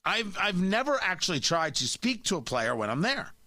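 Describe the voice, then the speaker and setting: Male talk radio host, animated and opinionated, tight dry studio sound. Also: sits high, moderate pace, no echo.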